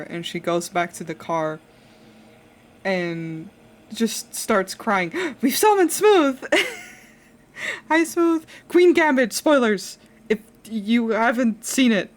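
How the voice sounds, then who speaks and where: A young woman chatting casually while drawing on a live stream, rambling with lots of fillers and restarts and laughing often. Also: mid-range voice.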